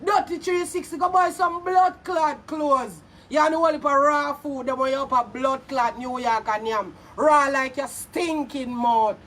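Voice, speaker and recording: A woman with a Jamaican accent ranting angrily on a vlog, loud and profane, hurling insults and often shouting. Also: high-pitched, a little slow, hardly any pauses. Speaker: vlogger. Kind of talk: angry social media rant. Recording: voice a little far from mic, faint background noise.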